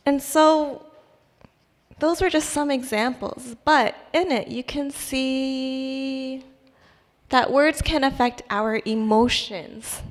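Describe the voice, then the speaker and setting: Speaking slowly in a high voice, a young woman shares her testimony at church. The recording carries a long hall reverb, and her conversational, hesitant telling includes many restarts and fillers.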